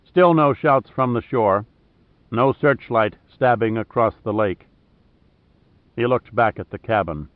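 A man reading an adventure novel aloud as scripted narration, in a steady, even storytelling manner. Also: mid-range voice, unhurried, pauses often, no echo. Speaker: audiobook narrator. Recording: dry, tinny phone-like sound.

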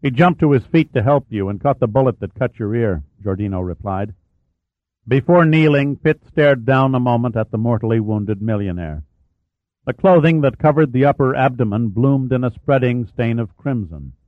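A man's voice: medium pitch, no echo. Man narrating an audiobook, dry and muffled. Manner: steady, measured storytelling with quiet dialogue voices. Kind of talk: scripted narration.

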